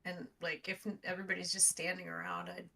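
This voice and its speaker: A woman's voice: lowish voice, little pitch movement, fast, gravelly, bright, forceful tone, recorded from a distance. A woman playing a tabletop game, asking questions and thinking aloud with some hesitation. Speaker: player.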